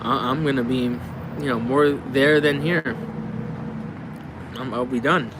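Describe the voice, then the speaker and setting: This livestream host has a mid-range, fairly even voice, talks a little slowly and pauses often, with background noise behind him. He reads viewer comments and answers them casually, rambling, swearing and laughing plenty.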